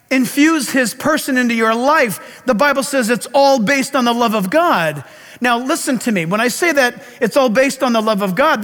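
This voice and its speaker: A man preaching a sermon as pastor, telling stories in an animated way and breaking into loud calls. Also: extremely high pitch, big-room sound.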